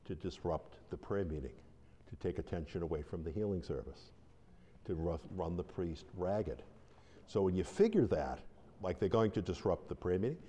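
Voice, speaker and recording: A man with a low voice teaches about deliverance ministry, wandering from story to story. His mellow voice rings with a long reverb, as if he is in a large hall. He acts out the quotes as he tells the stories. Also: dull audio, slight background noise. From Buffalo, New York. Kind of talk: informal teaching talk.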